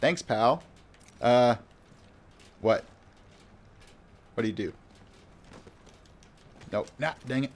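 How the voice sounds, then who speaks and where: A man's voice: medium pitch, expressive, very slow, long pauses. A man giving live gameplay commentary in a rambling, flustered, self-mocking way. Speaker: gamer.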